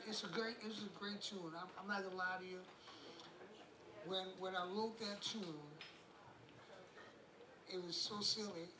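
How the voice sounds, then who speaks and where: A New man, a musician guest, telling rambling anecdotes in a casual interview, chuckling and acting out the voices of people in his stories. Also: high-pitched. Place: room on a cruise ship. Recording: roomy with background noise.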